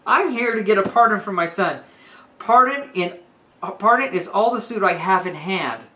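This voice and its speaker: A woman's voice: mid-range voice, expressive, moderate pace, bright, forceful tone, slight background noise, voice pushed up. A woman voicing a noblewoman who begs a king for pardon, reciting the verse with earnest emphasis. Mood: pleading. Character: pleading noblewoman mother begging a king. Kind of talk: dramatic reading of verse.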